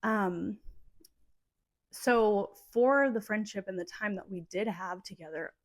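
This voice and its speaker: A woman's voice: mid-range voice, takes it slowly. A woman in her thirties hosting a solo podcast, talking in a rambling, emotionally charged way, full of "like" fillers. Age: 30s. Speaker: podcast host. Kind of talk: casual solo podcast monologue.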